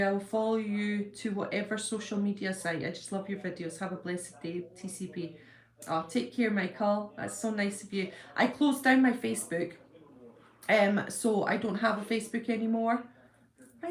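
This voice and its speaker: Woman, 50s, livestream host; chatty and warm with viewers, mid pitch, roomy echo. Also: normal speed. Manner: chatty, warm greetings, frequent ums and apologies. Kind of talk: casual live chat, reading viewer comments aloud.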